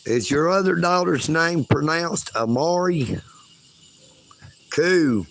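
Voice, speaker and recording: Folksy guy, gravelly and slow. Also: fairly high pitch, slight background noise. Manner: folksy, calls himself a hillbilly. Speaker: livestream host. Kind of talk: casual livestream chat. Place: outdoors at night.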